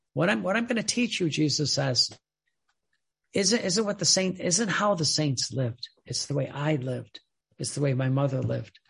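A man delivers an impassioned sermon in a high, gravelly voice with a husky edge. He swings between loud emphatic phrases and hushed drops, often repeating words as he presses his point. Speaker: preacher.

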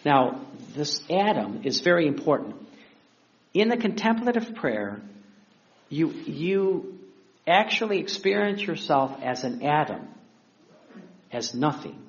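A man's voice: on the high side, very animated, slow, long pauses. Man preaching on a lo-fi recording. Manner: conversational, acts out quotes, chuckles often. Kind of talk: sermon. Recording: dull lo-fi recording.

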